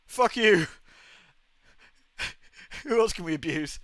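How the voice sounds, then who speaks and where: Brief: male streamer, high bright voice, dry mic, animated self-mocking chatter. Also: slow pace, dry recording. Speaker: game streamer. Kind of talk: live gameplay commentary.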